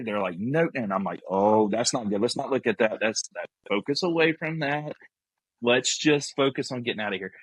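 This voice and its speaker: A man telling a story casually as a podcast guest, animated and acting out the people he quotes. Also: on the low side, breathy edge, no room sound, rough recording.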